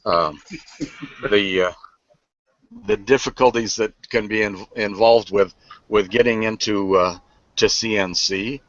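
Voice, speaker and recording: A man joining a live online hangout as a guest, halting with many fillers as he patiently explains. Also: lowish voice, a bit bright, no room sound, muffled recording.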